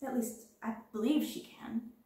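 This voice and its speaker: A woman voicing a clever playful schoolgirl, confiding, mellow tone, echoey room. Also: fairly high pitch, steady tone, unhurried, distant mic. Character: bright imaginative schoolgirl, confident storyteller.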